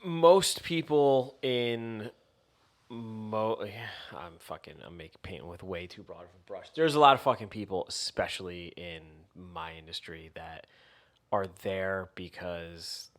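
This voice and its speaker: A podcast co-host with a low voice speaks a little slowly, rambling through casual chat as he swears and laughs.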